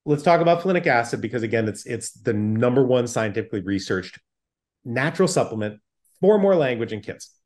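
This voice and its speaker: A man's voice: medium pitch, animated, fairly quick, a little mellow. Emphatic man explaining as a doctor. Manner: emphatic, plain-spoken explainer. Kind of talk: explanatory interview talk.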